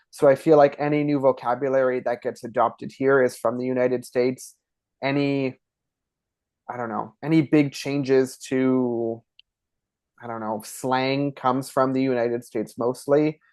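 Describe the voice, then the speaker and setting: A man's voice: mid-range voice, darkish tone, no echo. A man from Ontario with an Eastern Canadian accent, chatting as a podcast guest and acting out word pronunciations as he explains them. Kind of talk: casual interview conversation.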